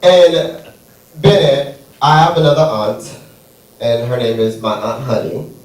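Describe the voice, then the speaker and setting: Sassy stand-up comic in an echoey theater. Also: male voice, mid-range voice, fairly even intonation, darkish tone. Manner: playful, sassy, drawn-out punchlines. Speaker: stand-up comedian. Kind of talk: stand-up set. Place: comedy theater stage. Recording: echoey room, far from mic.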